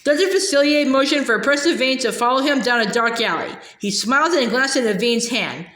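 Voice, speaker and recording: A woman's voice: sits high, lively intonation, fairly quick, few pauses, fairly bright tone. A woman reading a children's novel aloud, narrating with the odd slip and restart. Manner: reads aloud with small slips and restarts. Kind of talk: storybook read-aloud. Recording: echoey room.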